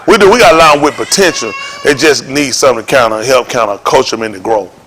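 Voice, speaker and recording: A man preaching an informal sermon to his congregation in a folksy, joking way that rises to shouts. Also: mid-range voice, quick pace, a little hiss or hum. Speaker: congregation leader.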